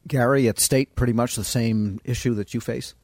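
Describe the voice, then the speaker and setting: A man's voice: medium pitch, fairly even intonation, moderate pace, darkish tone, dry recording. A man moderating a panel, guiding the discussion with questions to each guest.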